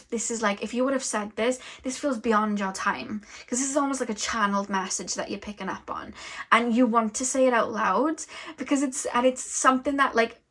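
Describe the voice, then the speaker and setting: A woman's voice: a little high, fairly bright tone. A woman giving an intuitive tarot reading, talking in a flowing, rambling way with many fillers. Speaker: tarot reader and energy channeler.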